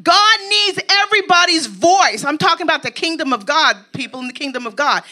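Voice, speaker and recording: A woman's voice: high-pitched, animated, a little fast, hardly any pauses, sharp tone. A woman preaching a sermon to her congregation, rousing and emphatic, who keeps checking in with her listeners. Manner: lists items in an emphatic cadence.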